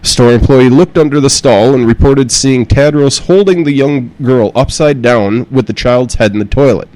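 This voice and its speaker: A man in easy podcast conversation, reading a story aloud with plenty of "uh"s before breaking off to riff on it. His voice sits at an ordinary middle pitch, and he swears freely and laughs often. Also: normal speed, darkish tone, rough recording. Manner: profane and joking, laughs often, reads with fillers. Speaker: podcast host.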